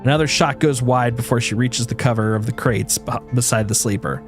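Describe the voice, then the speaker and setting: A man reads a video game's story aloud in second person, in an even, mid-pitched voice that often stumbles and restarts mid-phrase. Faint game music plays behind him. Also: a little fast. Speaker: streamer.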